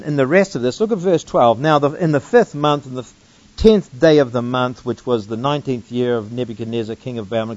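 A man's voice: mid-range voice, darkish tone, no echo. A man teaching through a Bible passage verse by verse, reading scripture aloud and then breaking in with emphatic, casual asides to his listeners. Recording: dull lo-fi dry recording.

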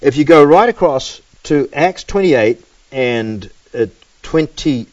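A man preaching, reading Bible verses aloud and then explaining them with animated emphasis. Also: medium pitch, a little slow, highs cut off. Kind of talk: Bible teaching sermon.

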